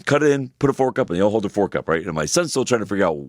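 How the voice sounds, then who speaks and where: Un homme d'âge moyen, co-animateur d'un podcast, qui raconte des anecdotes avec animation, imite les répliques en forçant la voix et jure volontiers. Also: male voice, on the low side, very fast, no echo, studio quality. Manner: animated storyteller, acts out quotes in a raised voice; swears casually. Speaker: podcast co-host. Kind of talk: casual chat, storytelling.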